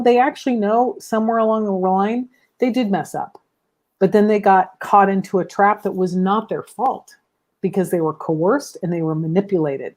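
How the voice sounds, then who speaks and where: Low, mellow-voiced woman coaching parents. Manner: animated, acts out her own quoted advice. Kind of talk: conversational interview answer.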